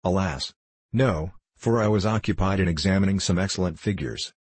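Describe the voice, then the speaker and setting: A man reading the part of a disguised playwright who speaks softly and pleadingly. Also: low voice, normal speed, slightly rough, no room sound. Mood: hushed. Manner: soft, pleading.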